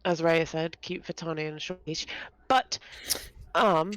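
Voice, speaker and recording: Woman player, hesitant questioner, deep gravelly voice, dry close sound. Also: fairly even intonation, measured pace, no room sound. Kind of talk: in-character tabletop play.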